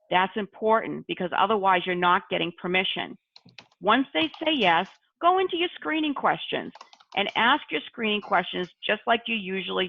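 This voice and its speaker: Woman, intake trainer, gravelly fry, instructive, repeats key points, tinny dry video-call audio. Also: medium pitch, no room sound. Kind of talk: online training session.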